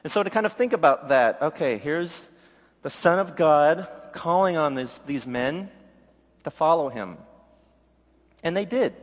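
A man's voice: fairly high pitch, animated, unhurried, long pauses. A middle-aged man from the Pacific Northwest giving a conversational sermon, with a candid, folksy storytelling manner. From Pacific Northwest, USA. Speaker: pastor. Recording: reverberant hall.

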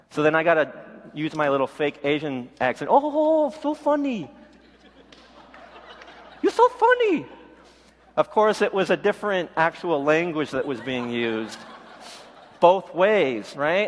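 Folksy middle-aged pastor in a reverberant hall. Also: male voice, on the high side, a bit bright. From Pacific Northwest, USA. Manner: candid, folksy storytelling. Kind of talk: conversational sermon.

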